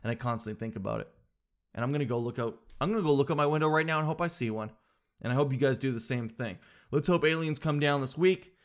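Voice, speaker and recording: A man's voice: medium pitch, fast talker. Joking young man with a rambling manner. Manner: rambling, jokey, slangy. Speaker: podcast host. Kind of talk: casual solo chat.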